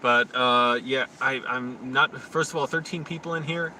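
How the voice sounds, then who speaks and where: Young man, live-stream rant, bright forceful voice, outdoors, phone mic, faint street noise. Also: medium pitch. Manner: rambling, quick to rant and get loud. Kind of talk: rambling live-stream talk to chat. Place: outdoors in an urban park.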